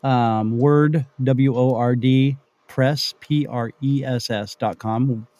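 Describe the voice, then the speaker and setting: A man's voice: medium pitch, fairly even intonation, takes it slowly, darkish tone, no echo. A man co-hosting a casual live show from his home studio, rambling and joking around. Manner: joking, rambling, tries silly British voice. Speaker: podcast co-host. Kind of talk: casual chat.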